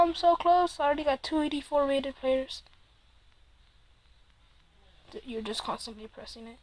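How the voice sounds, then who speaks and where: A woman giving casual gameplay commentary while opening packs against a friend, excitable, swearing often and teasing the other player. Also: high-pitched, a little hiss or hum, rough recording. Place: room at home, Android phone game.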